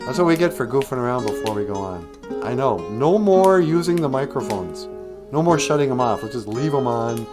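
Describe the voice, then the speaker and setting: A man's voice: medium pitch, lively intonation, brisk. A man hosting a casual live stream from home, joking and teaching words of a language, with faint guitar music behind. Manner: joking, self-mocking banter. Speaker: podcast host teaching Ojibwe words.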